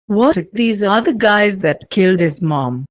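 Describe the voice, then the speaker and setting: A woman reading fan fiction aloud as narrator, in slow, even storytelling. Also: medium pitch, no echo.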